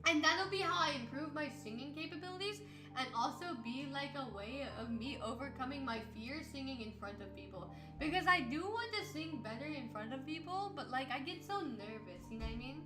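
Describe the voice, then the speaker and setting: A woman's voice: high-pitched, expressive, brisk. A tired woman streamer chatting casually and rambling, laughing often and breaking into playful outbursts. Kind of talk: casual chat with chat readers. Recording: roomy sound with music behind.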